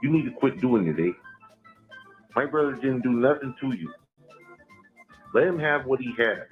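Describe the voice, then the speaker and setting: A man's voice: mid-range voice, lively intonation, moderate pace, soft background music, natural voice. A man voicing a scolding, aggrieved brother who keeps tacking a questioning tag onto his sentences. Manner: drawling, ends sentences with "eh". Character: aggrieved mock-Canadian brother defending his sibling. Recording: tinny phone line.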